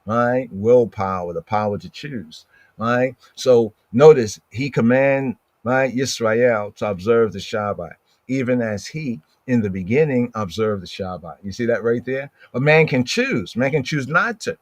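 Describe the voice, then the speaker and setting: A man teaching a scripture study, talking conversationally, reading verses aloud slowly and often checking in with "right?". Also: mid-range voice, expressive, no room sound. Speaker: Bible teacher.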